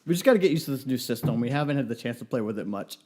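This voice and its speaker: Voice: mid-range voice, lively intonation, very fast, darkish tone. Giggly, apologetic livestream guest. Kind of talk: casual livestream chat.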